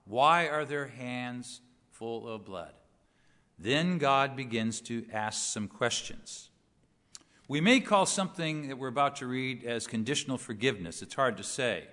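A man's voice: mid-range voice, a bit bright, long reverb tail. A man preaching a sermon, reading scripture dramatically and asking rhetorical questions.

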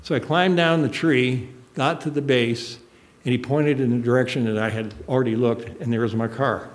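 A man's voice: mid-range voice, steady tone, normal speed. An older man preaching a sermon, telling a personal story in an earnest, emotional way. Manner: emotional, earnest, choked up at moments.

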